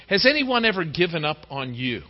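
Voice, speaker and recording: Middle-aged male preacher, high-pitched and expressive; muffled sound with long hall reverb. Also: a little fast. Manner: lively, acts out quoted voices. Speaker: pastor. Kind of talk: sermon. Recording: dull recording in a reverberant hall.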